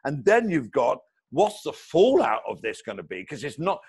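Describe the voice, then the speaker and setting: A man co-hosting a casual remote chat over a video call, chatty and quick to banter. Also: on the high side, big pitch swings, a little mellow, husky. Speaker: co-host.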